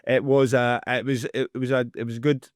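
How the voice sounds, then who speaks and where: A man's voice: mid-range voice, flat delivery, normal speed, dry recording, studio quality. A Scottish man co-hosting a podcast in casual, sweary, teasing chat. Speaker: podcast co-host.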